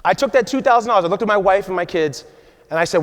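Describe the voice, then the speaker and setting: Speaking fast in a high voice, this American conference speaker in his forties gives a forceful motivational keynote. He keeps asking the crowd "right?" as he goes, and the large hall adds a long reverb to the recording.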